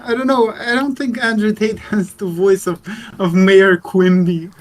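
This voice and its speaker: Man, co-host, casual banter, halting, repeats words, high pitch. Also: level tone, poor audio. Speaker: co-host playing a text game. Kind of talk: casual banter over a text game.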